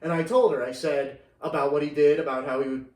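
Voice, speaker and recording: A man casually telling a story on a podcast, animated, laughing often and acting out the voices of the people in it. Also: fairly high pitch, fast. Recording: roomy, distant mic.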